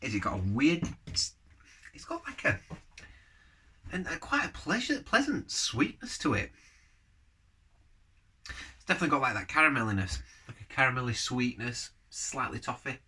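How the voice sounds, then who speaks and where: A man's voice: mid-range voice, big pitch swings, moderate pace, pauses often, bright, forceful tone, slightly rough. A man casually reviewing a beer on camera, rambling from one thought to the next and giving blunt verdicts. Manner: rambling, jumps between topics.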